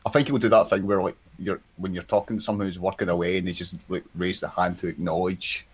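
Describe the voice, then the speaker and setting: A man playing in an online tabletop game, animated and joking. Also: low voice, fast talker, a little hiss or hum. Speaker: player. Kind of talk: casual chat in a tabletop game.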